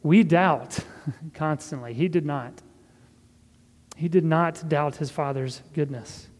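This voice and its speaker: A man preaching a sermon as pastor, earnest and measured, with a soft laugh now and then. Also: fairly high pitch, big-room sound.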